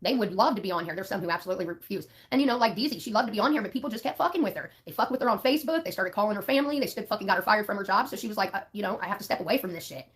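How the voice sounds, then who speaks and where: Woman streamer, fast, blunt and profane, casual rambling chat. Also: medium pitch, lively intonation, fairly bright tone. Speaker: live streamer.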